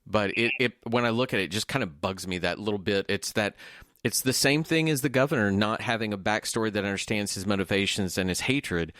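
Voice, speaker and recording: A man's voice: lowish voice, fairly quick, fairly bright tone, no echo, clean studio sound. A man co-hosting a casual movie podcast over a video call, thoughtful and often searching for words. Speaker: podcast co-host. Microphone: home mic on a video call.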